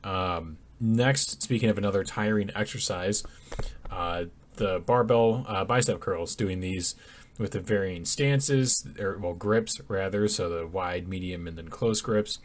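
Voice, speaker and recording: A man's voice: low voice, measured pace. A young man talking casually over his workout footage, sleepy and yawning, with lots of ums and restarts. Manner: rambling, many ums and restarts. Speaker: fitness vlogger.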